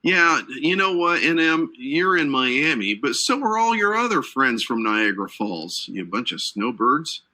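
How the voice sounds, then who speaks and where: Lively, bright-voiced man teaching a class. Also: mid-range voice, measured pace, hardly any pauses, low-quality recording. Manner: jokey, chatty asides to a live audience. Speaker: certification exam instructor. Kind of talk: live online training lecture. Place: based in Atlanta.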